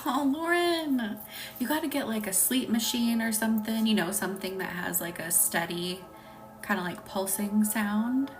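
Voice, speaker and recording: A woman with a Southern US accent hosting a casual live stream, talking softly, often near a whisper, and laughing easily. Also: mid-range voice, moderate pace, far from the mic, soft background music. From Southern United States.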